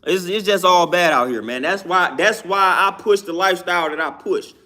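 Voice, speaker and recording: A man's voice: sits high, normal speed, pushed and bright. A young man talking casually and emphatically about diet, with slangy, repetitive phrasing. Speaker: vegan health talker. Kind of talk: casual monologue.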